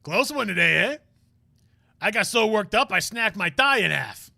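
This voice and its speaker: A man voicing a loud, eager male police detective with a boisterous, folksy way of talking. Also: high voice, expressive, normal speed, gravelly, no echo, pitched above the performer's own voice, heavily acted. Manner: boisterous, folksy, calls people pal.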